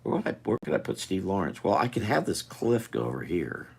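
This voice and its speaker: Sketching live on stream, a man rambles casually and muses aloud to his viewers. His low voice is gravelly and slightly rough, very animated and a little fast.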